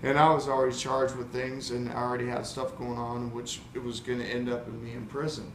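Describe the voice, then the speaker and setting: A man's voice: medium pitch, a little fast. A man telling a wild anecdote in casual, profane talk, acting out the voices of the people in it. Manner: profane, lively storyteller acting out quoted voices. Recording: roomy recording with faint ambient noise.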